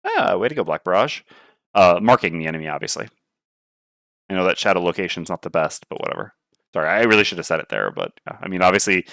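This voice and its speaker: A man's voice: low-pitched, vocal fry, bright, forceful tone, no room sound, clean studio sound. A man playing a tabletop board game on stream, thinking aloud and weighing his moves. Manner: muttering, weighing options aloud.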